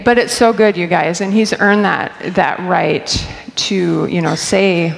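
Chatty woman, gravelly low voice, hall echo. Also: a little slow. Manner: candid, chatty, laughs often. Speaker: church staff member speaking. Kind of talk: personal storytelling talk. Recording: long hall reverb.

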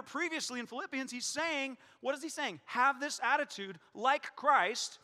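Guy preaching in a church, super high tense voice, jokey and lively, big echoey hall. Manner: animated, joking, acts out prayers and quotes. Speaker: pastor. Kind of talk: sermon.

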